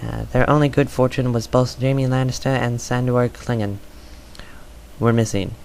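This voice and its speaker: Guy reading a novel out loud, trips over words, lots of uhs, faint noise behind. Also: mid-range voice, level tone, moderate pace, poor audio. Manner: stumbling, filler-heavy reading. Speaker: reader. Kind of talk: amateur audiobook reading.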